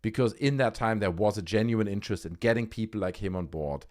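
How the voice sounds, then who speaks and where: A man's voice: on the low side, fairly quick, darkish tone. A man hosting a livestream, giving casual, sarcastic commentary and swearing freely. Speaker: livestream host.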